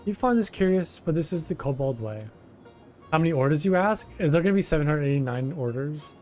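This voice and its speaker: A man's voice: a little high, lively intonation, brisk, a little mellow, faint music behind, lightly acted. A man voicing a whiny, self-pitying male kobold foreman who repeats himself in strings of synonyms. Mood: lamenting. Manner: repeats words in lists of synonyms, pleading.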